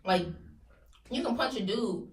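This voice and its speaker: Animated woman in casual debate. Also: on the high side, a little slow. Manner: animated, laughs often, talks over others. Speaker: co-host. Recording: echoey room, mic at a distance.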